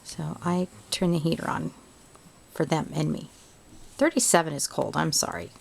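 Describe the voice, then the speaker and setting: A woman's voice: deep voice, steady tone, moderate pace, gravelly, slight background noise. A woman hosting a home craft tutorial, chatting casually and thinking aloud as she works. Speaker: crafting video host.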